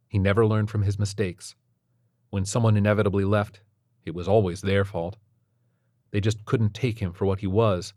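Man with a low voice narrating a story. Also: darkish tone, no room sound, clean studio sound. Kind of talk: scripted narration.

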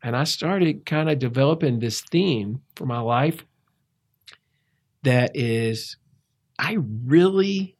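Man sharing a reflective recovery story. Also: medium pitch. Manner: conversational, halting, with frequent restarts and fillers. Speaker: interview guest.

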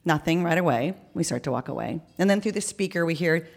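Animated woman telling a live story. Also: sits low, quick pace, creaky, few pauses. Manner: animated, chatty, frequent ums and okays.

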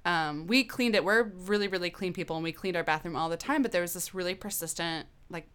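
Candid woman with a smooth, low voice. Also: fast talker. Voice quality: candid, animated, swears casually. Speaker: guest. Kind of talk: casual storytelling.

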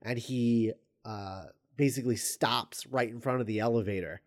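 A man's voice: medium pitch, steady tone, moderate pace. A man casually retelling a screenplay scene by scene, hesitant and full of ums and restarts, amused as he goes. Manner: amused, chuckles while recounting.

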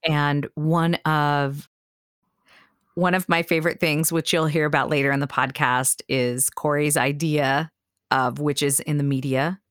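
A woman's voice: sits low, steady tone, measured pace, fairly bright tone, clean tone, dry recording, studio quality. A woman co-hosting a podcast, chatting casually and enthusiastically, laughing often. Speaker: podcast co-host.

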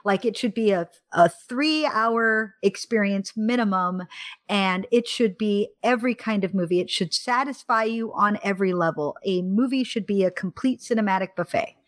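A woman in casual conversation, enthusiastically retelling a film plot with animated, acted-out quotes. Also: mid-range voice, normal speed. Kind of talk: casual chat about films.

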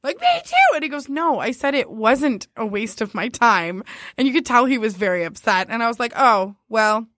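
A woman chatting casually, telling a story with animated quoted dialogue. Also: a little high, normal speed, no room sound, studio quality. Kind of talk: casual chat.

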